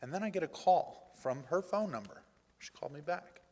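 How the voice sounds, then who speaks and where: A male pastor giving a personal testimony in a church, telling his story in an animated way and acting out the dialogue. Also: on the high side, fairly quick. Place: church sanctuary. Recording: reverberant church hall.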